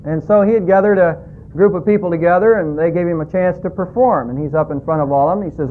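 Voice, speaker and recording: A male pastor delivers a folksy sermon, pausing often with fillers between thoughts. His voice sits high for a man and comes through thin and phone-like, with a faint low rumble underneath. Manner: folksy, hesitant with frequent fillers.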